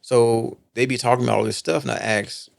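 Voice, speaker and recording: This is a middle-aged man from Texas with a mid-range, steady voice that carries vocal fry, and he talks fairly quickly. As a podcast guest in a relaxed conversation, he shares personal stories with sincerity, repeats things for emphasis, and often asks "right?"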